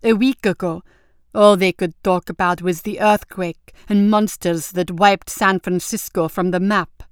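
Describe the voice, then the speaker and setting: A woman's voice: mid-range voice, fairly even intonation, clean tone, no room sound, clean studio sound, natural voice. A woman doing a sly young countess, mock-innocent. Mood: pointed. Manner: slow, sweetly innocent, mock-polite.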